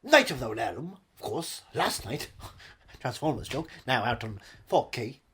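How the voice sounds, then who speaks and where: A man's voice: medium pitch, very animated, measured pace, a bit bright, slight background noise, voice pushed down. A man doing a comic impression of a pompous aging movie star who rambles and keeps saying "wonderful". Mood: rambling. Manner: rambling, repeats "wonderful" constantly.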